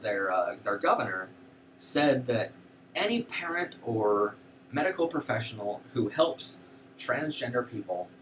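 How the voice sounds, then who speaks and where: Casting: indignant male host, lively up-and-down delivery, a little off-mic. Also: medium pitch, far from the mic, slight background noise. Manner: animated, indignant, frequent fillers. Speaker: show host. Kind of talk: casual political commentary.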